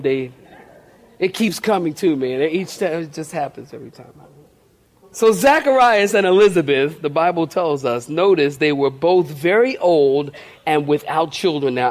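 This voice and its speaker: Brief: male pastor, high voice, funny animated sermon delivery. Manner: humorous, animated storytelling.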